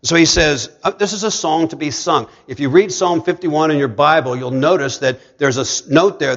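A man preaching a sermon, swinging between hushed storytelling and emphatic, rising delivery. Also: fairly high pitch, moderate pace, gravelly, hardly any pauses, highs cut off.

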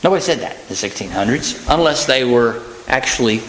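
Male preacher, conversational sermon, folksy asides, plain unhurried delivery with ums and restarts. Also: medium pitch, lively intonation, a bit bright, a little hiss or hum, poor audio.

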